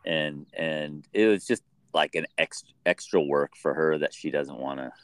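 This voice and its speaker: A middle-aged man talking casually on a podcast as co-host, halting and often restarting his phrases. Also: a bass voice, a bit bright, smooth, dry recording. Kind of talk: casual chat.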